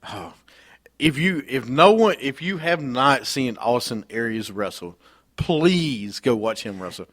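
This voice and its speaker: Animated man with a slight Southern twang. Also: mid-range voice, a little slow. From North Carolina, US. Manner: emphatic, lively, laughing protests. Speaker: podcast co-host. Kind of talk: casual wrestling chat.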